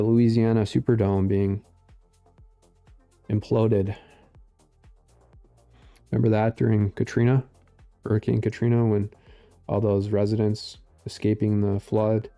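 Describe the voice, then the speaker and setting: Gravelly, dark-voiced man in his forties. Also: on the low side. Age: 40s. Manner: rambling, sarcastic, many fillers. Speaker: political commentary streamer. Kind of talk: casual commentary reading posts aloud.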